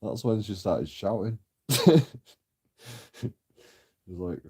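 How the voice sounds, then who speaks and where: A man with a low, mellow voice rambles through a story in a casual vlog. He talks slowly, swears freely and keeps breaking into chuckles. His tone is mocking and unhurried. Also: animated. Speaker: channel host.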